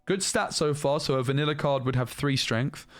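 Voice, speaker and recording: A man giving casual, animated commentary as he reviews trading cards, thinking aloud and restarting sentences as he goes. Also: medium pitch, moderate pace, no echo. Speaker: card game reviewer.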